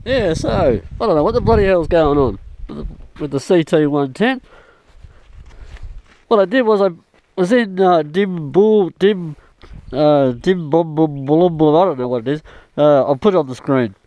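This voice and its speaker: A man's voice: sits high, lively intonation, moderate pace, darkish tone, no echo. An Australian man vlogging outdoors in the bush, rambling and swearing mildly as he chats. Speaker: travel vlogger. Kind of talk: casual self-filmed chat.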